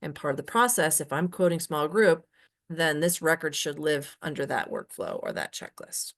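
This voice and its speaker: A woman training users in a software webinar, emphatic and often checking in with "right?". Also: low voice, animated, moderate pace.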